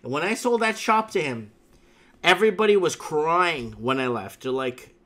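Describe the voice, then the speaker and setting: A man's voice: a little high, expressive, normal speed, bright, forceful tone. A man hosting a casual talk show, telling stories emphatically and circling back to the same catchphrases. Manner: emphatic storytelling with repeated catchphrases. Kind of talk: casual chat.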